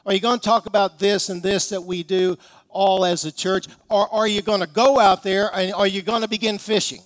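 A man's voice: high-pitched, flat delivery, normal speed, long reverb tail, lightly acted. A man voicing an imagined Jesus who challenges a church with a string of rhetorical questions. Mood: challenging.

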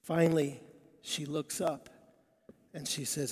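A man's voice: fairly high pitch, unhurried, long pauses, husky. A male preacher telling a story in a sermon, acting out each character's lines in a church sanctuary. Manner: animated storyteller quoting characters. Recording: long reverb of a large hall.

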